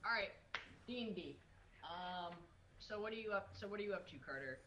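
A game master narrating a tabletop game, halting with fillers and restarts. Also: mid-range voice, animated, bright, forceful tone, rough recording.

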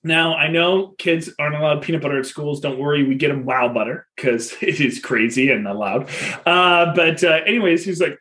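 A man in his thirties, a father and podcast host, telling a story in a lively, casual way and laughing often. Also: on the high side, normal speed.

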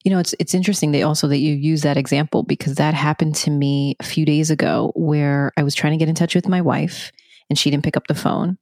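Low-voiced woman telling a candid story. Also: fairly even intonation, a little fast, darkish tone, no echo, clean studio sound. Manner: candid, storytelling, many "like" fillers. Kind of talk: casual conversation.

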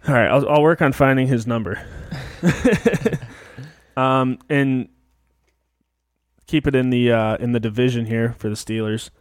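A man with a Chicago accent co-hosting a casual sports chat, relaxed, laughing easily and swearing. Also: mid-range voice, measured pace, pauses often, no room sound, clean studio sound. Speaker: podcast co-host.

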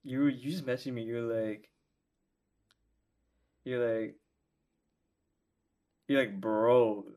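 A man's voice: mid-range voice, steady tone, slow, pauses often, dark tone. A young man co-hosting a podcast, giving blunt, joking reactions in casual chat and swearing freely. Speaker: podcast co-host.

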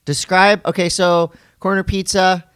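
A man's voice: high-pitched, flat delivery, a little slow, fairly bright tone, clear, resonant tone. A man co-hosting a podcast, teasing and joking in off-the-cuff banter. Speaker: podcast co-host.

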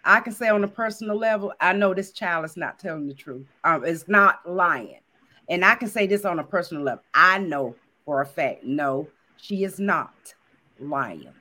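A woman's voice: fairly low pitch, animated, moderate pace, sharp tone. Co-host, woman, earnest and insistent, casual chat.

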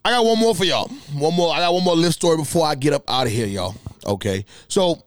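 A man hosting a podcast alone, telling stories in casual, profane, animated talk with laughs. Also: on the high side, fast talker, clean tone, no echo, clean studio sound. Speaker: podcast host. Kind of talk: casual solo storytelling.

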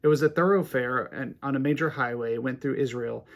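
A man preaching a sermon, animated and rising to emphatic peaks, reading scripture aloud between his comments. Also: medium pitch, fairly quick. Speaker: pastor.

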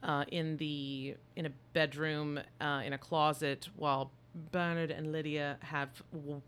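A woman co-hosting a podcast, recapping a movie in casual chat with an animated, joking, irreverent manner. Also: sits low, unhurried, smooth. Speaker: podcast co-host.

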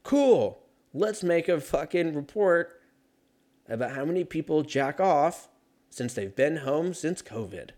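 A man voicing an imagined web writer hunting for clicks, eager and over-excited. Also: a little high, slow, pitched above the performer's own voice.

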